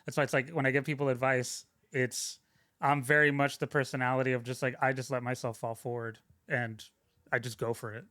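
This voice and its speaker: A man's voice: mid-range voice, flat delivery, fairly quick, fairly bright tone, dry recording. Male podcast guest, loose rambling storyteller, dead-dry booth sound. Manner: rambling, self-interrupting, frequent "like" fillers. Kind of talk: casual conversational storytelling.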